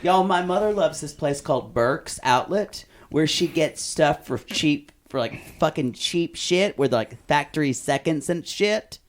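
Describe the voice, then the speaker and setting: A man's voice: a little high, lively intonation, measured pace, few pauses. A man co-hosting a podcast, chatting casually, swearing and gossiping. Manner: swearing, gossipy, slips into mocking quotes. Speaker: podcast co-host. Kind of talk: casual chat.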